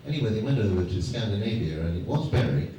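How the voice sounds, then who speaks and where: A man's voice: on the low side, lively intonation, fast, warm tone. A man on stage as a guest speaker, bantering with the audience and telling rambling, self-mocking anecdotes. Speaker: guest speaker at a fan event. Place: large hall before a live audience. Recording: echoey hall, distant mic, noisy.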